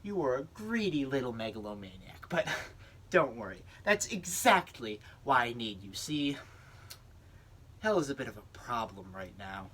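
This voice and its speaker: A man's voice: mid-range voice, big pitch swings, moderate pace, a bit bright, husky. A young man voicing a scheming, needy male devil who runs hell, in a speech-team comedy performance. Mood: smug.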